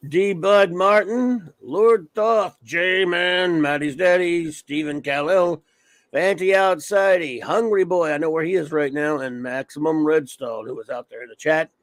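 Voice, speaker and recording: A man's voice: a little high, unhurried, dry recording. A man hosting a casual livestream, rambling as he reads off viewer names. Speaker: livestream host. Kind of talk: casual chat.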